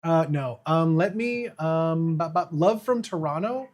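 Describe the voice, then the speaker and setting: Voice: mid-range voice, expressive, unhurried, a little mellow. A live streamer in casual, playful chat with viewers, laughing often and eating candy while standing.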